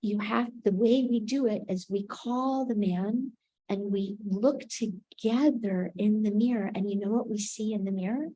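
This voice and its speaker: A woman giving a reflective spiritual teaching, unhurried, often checking in with "right?". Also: mid-range voice, warm tone, poor audio.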